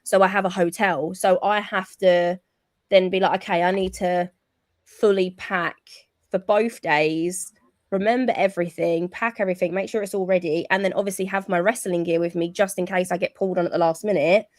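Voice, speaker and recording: A woman's voice: lowish voice, steady tone, normal speed, no echo. Chatty british lady wrestler on a podcast, easygoing, dry sound. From United Kingdom. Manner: chatty, friendly, laughs easily. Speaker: wrestler, guest. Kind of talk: casual interview.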